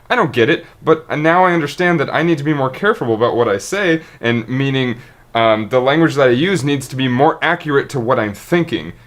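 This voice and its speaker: Male streamer, off-the-cuff monologue, earnest and rambling, stumbles and restarts, mid-pitched voice. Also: a bit bright. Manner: rambling, earnest, restarts and trips over words. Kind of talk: unscripted monologue to camera.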